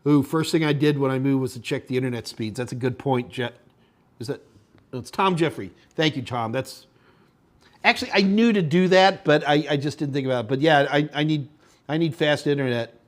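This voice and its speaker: A man hosting a live tech question-and-answer stream, rambling casually and thinking out loud as he reads viewer chat. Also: medium pitch, fairly quick. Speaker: tech instructor and show host.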